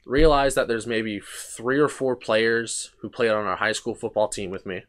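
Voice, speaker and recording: A man's voice: on the low side, normal speed, a bit bright. Young man rambling through a story. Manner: rambling anecdotes with frequent restarts and swearing. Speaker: podcast host. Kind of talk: casual storytelling chat.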